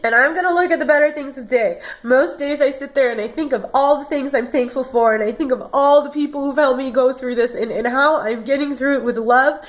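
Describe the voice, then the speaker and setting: A woman's voice: sits high, brisk. A woman vlogging about how she feels, ranting emotionally, tearful at times and stumbling over repeated words. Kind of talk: emotional personal vlog.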